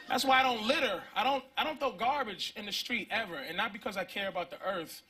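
Profane stand-up man, higher voice. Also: brisk, bright, forceful tone, breathy edge. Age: 30s. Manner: conversational, profane, acts out voices. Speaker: stand-up comedian. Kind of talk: stand-up comedy routine.

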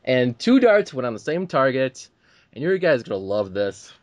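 A man's voice: medium pitch, big pitch swings, normal speed, a little mellow, no echo. Upbeat man hosting a podcast. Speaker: podcast host. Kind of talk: casual movie podcast chat.

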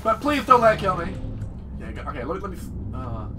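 High, excitable man yelling over a game. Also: quick pace, distant mic. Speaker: gaming channel host. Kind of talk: let's-play commentary. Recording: voice a bit off-mic over game music.

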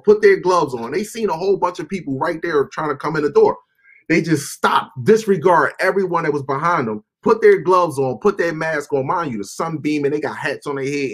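A high-pitched man with a husky, grainy edge hosts casual reaction commentary. He talks in an animated, profane way, calling out to his viewers as his people. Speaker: host.

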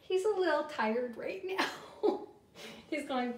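Chatty older female teacher, high voice, echoey room, mic at a distance. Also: lively intonation, unhurried. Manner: playful and chatty. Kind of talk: casual playful address. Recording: roomy, from a distance.

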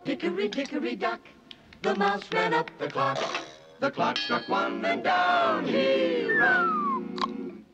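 A squeaky cartoon clock-rhyme voice. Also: male voice, huge pitch swings, slow pace, long pauses, music in the background, full character voice. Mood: playful. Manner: singing a nursery rhyme in a squeaky falsetto. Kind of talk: 1960s animated musical.

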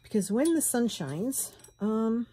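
Craft vlogger, middle-aged woman, slight Southern lilt, husky, warm and unhurried, thinks out loud. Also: on the high side, very animated. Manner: chatty, thinks aloud while crafting, frequent soft laughs. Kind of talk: casual craft tutorial chat. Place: home sunroom, indoors.

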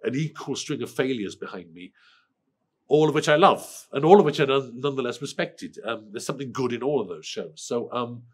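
A middle-aged Welsh man with a cold, answering interview questions in a lively way, often restarting and repeating words. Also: mid-range voice, a little fast, breathy edge. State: has a cold. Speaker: screenwriter interviewee.

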